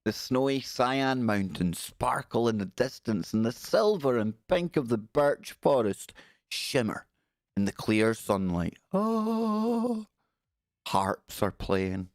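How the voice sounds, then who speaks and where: A man's voice: fairly low pitch, unhurried, dry recording, studio quality. A man hosting a casual livestream, joking wryly and reading news passages aloud. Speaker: livestream host. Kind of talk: casual live-stream commentary.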